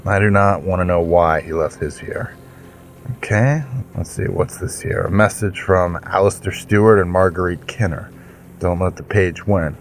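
A man hosting a fiction podcast, with a playful, theatrical manner and mock-grand fantasy banter. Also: deep voice. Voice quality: theatrical, jokey, mock-grand self-introduction. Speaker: podcast host.

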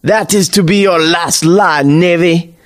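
A man's voice: on the high side, measured pace, close to an everyday voice. A man voicing a man possessed by a scornful pirate spirit, roaring his lines in old-fashioned pirate speech.

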